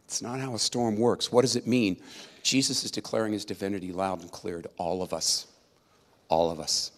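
A man with a fairly low voice preaches a sermon, explaining things in a conversational, emphatic way. He keeps checking in with his listeners as he builds each point. His voice rings with the long reverb of a large hall. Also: level tone, moderate pace. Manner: conversational, emphatic, with tag questions.

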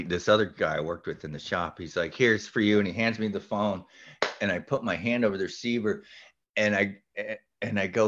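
A man telling a story as a podcast guest, lively, acting out the voices and shouting the punchlines. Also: fairly low pitch, muffled recording. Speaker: podcast guest, golf instructor. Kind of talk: animated storytelling.

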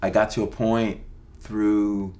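A man's voice: on the low side, level tone, slow, dark tone. A man in his fifties, a guest in a casual interview, telling a story in a laid-back, loose way, dropping to a near-whisper when he quotes himself.

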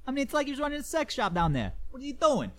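A woman's voice: sits high, wildly swooping pitch, rapid-fire, fairly bright tone. A woman co-hosting a comedy podcast, trash-talking with brash, mocking, exaggerated outrage. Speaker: podcast co-host.

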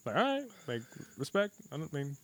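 A man's voice: fairly high pitch, very animated, brisk. A man co-hosting a casual podcast chat, rambling and swearing as he tells stories and acts out what people said. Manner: profane, rambling storyteller, acts out quotes. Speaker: podcast co-host.

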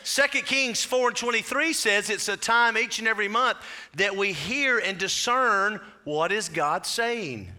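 A man's voice: high-pitched, measured pace, bright, forceful tone. A man preaching a sermon as pastor, telling stories in a chatty way with asides. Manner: storytelling preacher, conversational asides.

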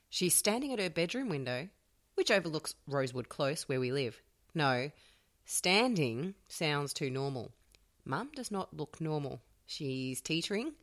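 A woman reading a teen novel aloud on a podcast, with expressive, dramatic storytelling. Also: deep voice.

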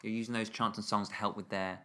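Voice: medium pitch, level tone, quick pace, a bit bright. An interviewer asking curious follow-up questions and joining in chants.

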